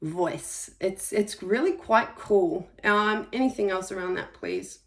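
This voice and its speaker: A woman giving a spiritual energy reading for the month, talking in a gentle, reflective way with soft pauses. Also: medium pitch, expressive. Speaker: intuitive energy reader.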